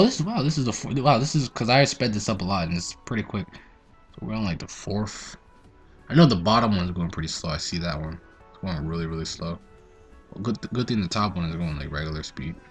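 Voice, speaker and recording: A teenage boy talks over his gameplay in a loose, rambling way, and his fairly low voice jumps up when a story gets going. Soft game music plays behind him. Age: teens. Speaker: gaming channel host. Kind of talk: casual gameplay commentary.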